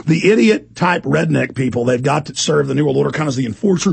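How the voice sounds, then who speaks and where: A hoarse man hosting a talk radio show, with fiery, sarcastic rants and shouting outbursts. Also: sits high, lively intonation, normal speed. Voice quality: gravelly. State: hoarse from screaming. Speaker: radio host. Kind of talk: heated talk radio ranting.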